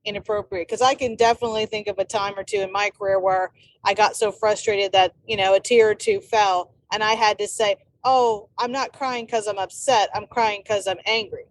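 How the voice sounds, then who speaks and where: A woman's voice: medium pitch, fairly even intonation, normal speed, slight background noise, poor audio. A woman hosting a podcast interview, chatting in a relatable way with many fillers. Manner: conversational, relatable, filler-heavy. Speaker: podcast host. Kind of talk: casual interview chat.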